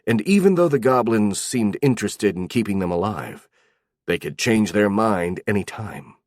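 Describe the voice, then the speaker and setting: A male narrator reads a fantasy audiobook in a steady, even way. His voice sits fairly low, and the recording is dry and close with no room sound. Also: normal speed, no echo.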